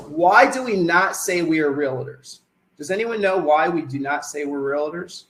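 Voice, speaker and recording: A man's voice: fairly high pitch, animated, normal speed, fairly bright tone, reverberant, poor audio. A man giving a webinar sales presentation, putting questions to the attendees and then answering them himself.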